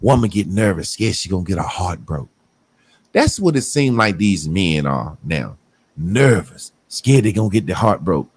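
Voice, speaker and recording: This podcast co-host is a middle-aged man with a low, husky voice, speaking at normal speed with no room sound. His casual, profane storytelling is lively, and he acts out quoted people in mocking voices.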